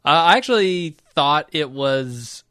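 A man's voice: a little high, animated, unhurried, a bit bright, clean tone, no room sound. A man co-hosting a casual movie-review podcast, joking dryly and stammering a little. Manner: dry, jokey, with some stammering. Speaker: podcast co-host.

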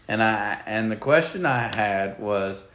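A man's voice: on the low side, lively intonation, measured pace, a bit bright. A man hosting a podcast in casual chat, laid-back and joking. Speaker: podcast host. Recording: echoey room.

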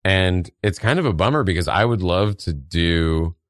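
Very low-voiced chatty male guest. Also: animated, moderate pace, no echo, clean studio sound. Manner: earnest, chatty, uses many "like"s. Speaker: podcast guest. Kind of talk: casual comedic podcast chat.

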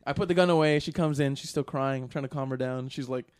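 Fast, profane young-sounding man telling a story. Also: mid-range voice, clear, resonant tone. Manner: rambling, profane, lots of fillers. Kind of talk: casual podcast chat.

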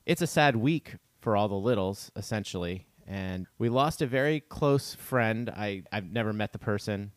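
A man's voice: on the low side, normal speed, few pauses, dry recording. A man co-hosting a podcast in casual, rambling chat that gets a little emotional. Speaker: podcast co-host.

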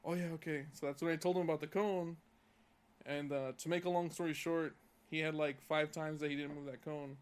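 A man's voice: a little high, fairly even intonation, brisk, smooth. Heated, swearing young man telling a work story. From California. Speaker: podcast co-host. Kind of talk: casual podcast chat.

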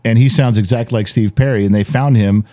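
A man in his forties, co-hosting a podcast and telling animated stories in casual chat, acting out the dialogue and swearing freely. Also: mid-range voice, quick pace, no room sound. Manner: animated storyteller, acts out quoted dialogue, swears. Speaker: podcast co-host.

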